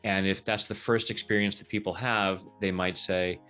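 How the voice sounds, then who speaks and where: A man explaining a tapping technique in a relaxed, jokey way, slipping into quoted voices as he talks. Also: low voice, moderate pace, hardly any pauses, faint music behind. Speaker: tapping practitioner, guest. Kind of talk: casual teaching over video call.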